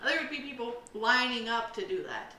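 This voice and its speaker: Animated and speaking at normal speed, a young female podcast co-host rambles through stories loaded with fillers in casual chat. Her voice is fairly high and sharp, caught by a roomy, slightly distant mic with slight background noise.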